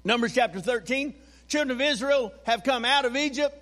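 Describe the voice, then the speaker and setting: Really high-pitched guy preaching, keeps getting the church to say stuff back, big echoey sanctuary. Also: normal speed. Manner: animated preaching with call-and-response to the congregation. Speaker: pastor. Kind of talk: sermon.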